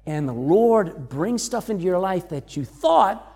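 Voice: mid-range voice, animated, measured pace, a little mellow, long reverb tail. A preacher giving a sermon, reading verses aloud and acting out the voices of the people quoted. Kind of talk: sermon teaching on scripture.

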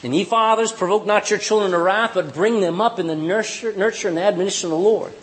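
A middle-aged man preaching a sermon, animated and emphatic, acting out little scenes and hammering points with repetition. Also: sits high, fast.

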